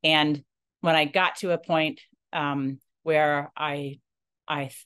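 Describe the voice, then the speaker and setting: A woman with a notably low voice tells a personal story to camera. Her delivery is earnest and halting. She often restarts phrases and acts out the lines of the people she quotes. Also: fairly even intonation, fairly bright tone, smooth. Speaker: non-profit founder.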